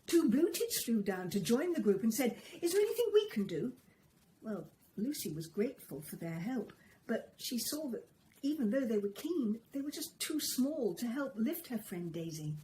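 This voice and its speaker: A woman telling a children's story, gentle and expressive. Her voice sits fairly high. A faint hiss of ambient noise runs under the recording. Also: normal speed, rough recording. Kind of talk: storybook reading.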